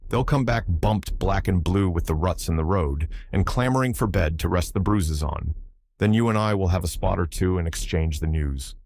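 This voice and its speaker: A man's voice: low-pitched, normal speed, darkish tone, a little hiss or hum. A man reading an audiobook, voicing a jovial, roguish man greeting an old friend in a hearty tone. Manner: hearty, chuckling.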